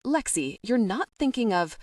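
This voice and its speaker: A woman's voice: fairly high pitch, big pitch swings, moderate pace, a little mellow, no room sound, studio quality, recorded from a distance, voice pushed up. A woman voicing a hesitant, apologetic young female coworker in a storybook. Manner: hesitant and awkward.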